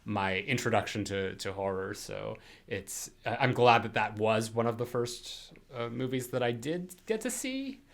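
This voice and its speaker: A man's voice: medium pitch, lively intonation, a little slow, gravelly, hardly any pauses. A man co-hosting a podcast in casual chat, rambling with lots of fillers and frequent laughs. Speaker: podcast co-host.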